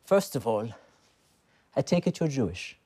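A calm, patient psychiatrist. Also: male voice, medium pitch, measured pace.

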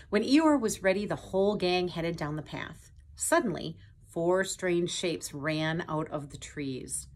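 Storytime host, female; slow, lively read-aloud with chatty asides to kids. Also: lowish voice. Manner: slow, animated, chatty asides to young viewers. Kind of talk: reading a picture book aloud to children.

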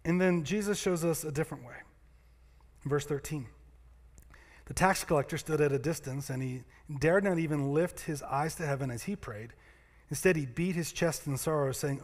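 A man's voice: on the high side, normal speed, big-room sound. A man giving a sermon as pastor, telling stories in a conversational way and acting out the voices of the people in them. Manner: conversational storytelling preacher, acts out voices. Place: church sanctuary.

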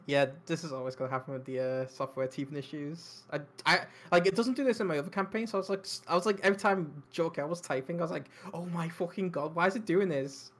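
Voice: medium pitch, fast, hardly any pauses. A game master running an online tabletop game, chatting casually, laughing often and easily flustered.

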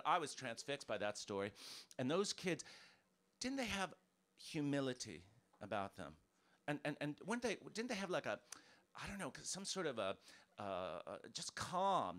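An American man doing a stand-up comedy set in a club, ranting with punchy, animated delivery. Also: a little high. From United States. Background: audience laughter.

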